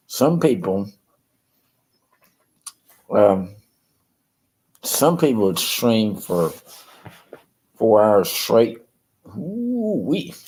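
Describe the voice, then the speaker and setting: A man talks slowly into his streaming mic in a deep, low voice. His chat rambles, with frequent ums and restarts. He often breaks off with a chuckle before he goes on. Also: a little mellow, low-quality recording. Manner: chuckles often between thoughts. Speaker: live streamer and ventriloquist. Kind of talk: casual live-stream chat.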